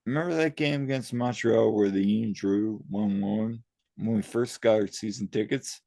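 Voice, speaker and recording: A man co-hosting a podcast, telling rambling, excitable stories in casual chat. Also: on the low side, normal speed, vocal fry, no echo. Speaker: podcast co-host.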